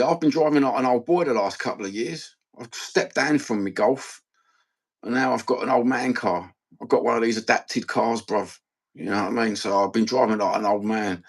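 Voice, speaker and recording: A man's voice: medium pitch, husky. A middle-aged man with an East London accent, hosting a rambling live stream, talking in sweary, blokey banter.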